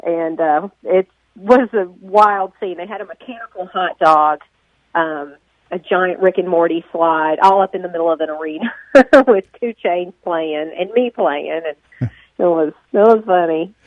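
A woman from Central Florida with a Southern accent chats as a guest musician in a casual phone interview, rambling and laughing often. Her voice is fairly low and a little slow, and the recording is dry over a tinny phone line.

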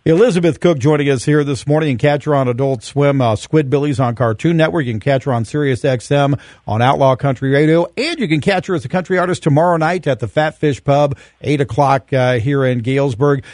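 A man's voice: medium pitch, brisk, a little mellow, no room sound, clean studio sound. A man hosting a morning radio interview, eager and full of fillers. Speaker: radio host.

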